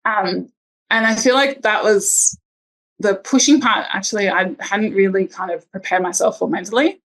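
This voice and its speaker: A woman's voice: medium pitch, moderate pace, fairly bright tone, rough recording. A woman telling her birth story in a casual interview, chatty with lots of ums and likes. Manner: chatty, many ums and likes, acts out quotes.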